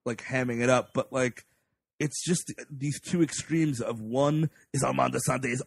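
A man's voice: medium pitch, unhurried, creaky, fairly bright tone, breathy edge, no echo. A man co-hosting a casual film review podcast, sarcastic and swearing freely. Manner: sarcastic, profane, laughing. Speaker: podcast co-host.

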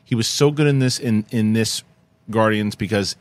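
A man's voice: on the low side, moderate pace, no room sound. A man hosting a casual film discussion, enthusiastic and rambling, with frequent restarts. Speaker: podcast host.

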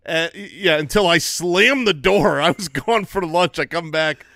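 A man's voice: a little high, unhurried, dry recording, studio quality. A man co-hosting a comedy podcast, telling an anecdote animatedly and laughing as he goes. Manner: animated storyteller, laughs mid-sentence. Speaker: podcast co-host. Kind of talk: casual comedic storytelling.

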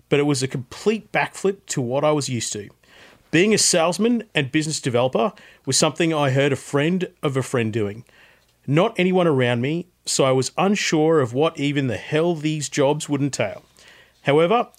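A man putting on an Aussie ex-mechanic. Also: fairly high pitch. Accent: put-on Australian. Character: Australian ex-mechanic turned salesman, blunt and earnest. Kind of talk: reading a listener story aloud.

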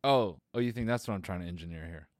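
A man's voice: sits low, quick pace, darkish tone, no room sound, clean studio sound. A man co-hosting a casual podcast, laid-back and teasing, laughing as he tells a story. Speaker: podcast co-host. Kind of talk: casual chat.

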